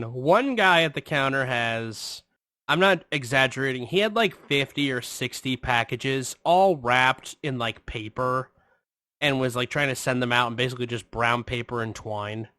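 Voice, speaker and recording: A man's voice: medium pitch, moderate pace, bright, forceful tone, no echo. A man co-hosting a podcast, telling a rambling, profane story in casual chat. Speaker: podcast co-host.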